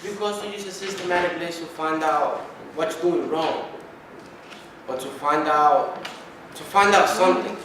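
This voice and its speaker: A man's voice: a little high, normal speed, a bit bright. A male student giving a hesitant classroom explanation, restarting as he goes. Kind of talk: answering in class. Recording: distant in echoey classroom with noise.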